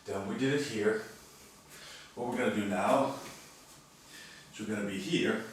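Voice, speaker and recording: A man leading a physiotherapy workout, explaining each movement and counting reps in a calm, encouraging way. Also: on the low side, unhurried, slight background noise. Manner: calm, encouraging, demonstrates while talking. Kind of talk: exercise instruction, counting reps. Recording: echoey room, voice from a distance.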